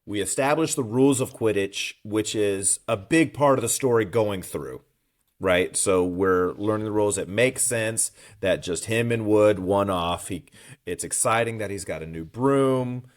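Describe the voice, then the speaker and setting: A man with a fairly low voice co-hosts a casual podcast. He walks through a book chapter scene by scene in easygoing chat, leaning on fillers like "you know" and "um" as he goes. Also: a little slow. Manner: retells scenes at length with many fillers. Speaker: podcast co-host.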